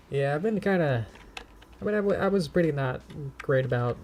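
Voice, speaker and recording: A man streaming as he animates, chatting casually with viewers in a rambling, hesitant way, humming softly between comments. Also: on the high side, lively intonation, a little fast, a little hiss or hum. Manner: rambling, hesitant, many fillers and soft humming. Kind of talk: casual live-stream chat.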